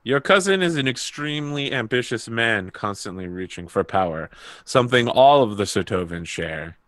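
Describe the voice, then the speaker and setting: A man voicing a calm, sly noble courtier who reasons coolly in a tabletop game. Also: medium pitch, moderate pace, dry recording, studio quality, close to an everyday voice. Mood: reasoning.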